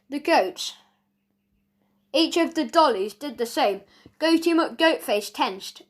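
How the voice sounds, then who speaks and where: A woman narrating a children's audiobook in a lively storytelling manner. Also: sits high.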